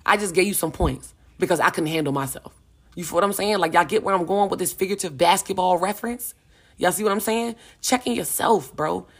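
Brief: young woman, podcast host, slightly low voice, casual emphatic monologue full of slang. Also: brisk, husky. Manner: emphatic, slangy, repeats "you know what I'm saying".

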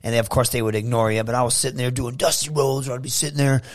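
A man's voice: mid-range voice, rapid-fire. A man from Michigan, a professional wrestler, telling enthusiastic stories as a guest in a casual interview. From Saginaw, Michigan. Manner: animated, enthusiastic storyteller.

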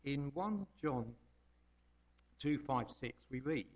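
A man's voice: mid-range voice, lively intonation, slow pace, dull audio. A man giving an informal devotional talk as a lay preacher, homely and rambling, hesitating with frequent ums.

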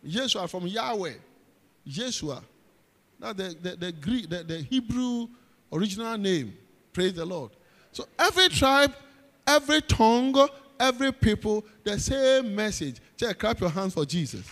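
In a long, reverberant hall, a male pastor with a Ghanaian accent preaches emphatically, calling to the congregation and repeating phrases. His high-pitched, fairly bright voice swings widely in pitch at an unhurried pace.

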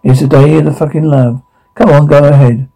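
A taunting, obsessive security guard who gloats over his captive, his gravelly, husky voice sitting a little high, as a man acts him out. He mocks in a dark audio drama and snaps into bursts of rage. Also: fairly even intonation, a little fast, low-quality recording. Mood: mocking. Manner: taunting, mocking, veers into rage. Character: menacing obsessive male security guard captor.

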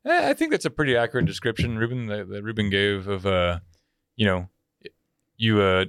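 A man's voice: lowish voice, sing-song, a little fast, fairly bright tone, clean tone, dry recording, clean studio sound. Profane rambling young man on a podcast. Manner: profane, rambling with many fillers. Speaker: podcast co-host. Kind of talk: casual podcast banter, storytelling.

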